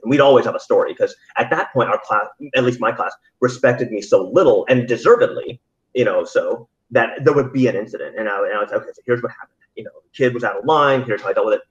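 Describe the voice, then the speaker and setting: A man's voice: medium pitch, fast. A man who works as a teacher, chatting casually and telling rambling stories with many restarts. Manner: rambling storyteller with frequent restarts and laughs. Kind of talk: casual podcast conversation. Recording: slightly dull, lo-fi audio.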